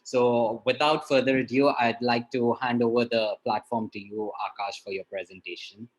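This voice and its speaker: A man's voice: mid-range voice, fairly even intonation, moderate pace, rough recording. A man with an Indian English accent hosting a live webinar over a video call, talking with many fillers and restarts. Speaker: webinar host.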